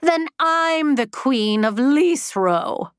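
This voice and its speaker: A woman voicing a haughty young female ghost with a high-pitched, nasal voice and a scornful manner. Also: expressive, extremely slow, dry recording, clean studio sound, exaggerated voice.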